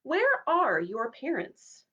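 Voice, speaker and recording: A woman's voice: high-pitched, huge pitch swings, slow, sharp tone, husky, highs cut off, pitched above the performer's own voice, heavily acted. A woman voicing a proud, snobbish male war horse in a storybook reading, with a haughty, pompous manner.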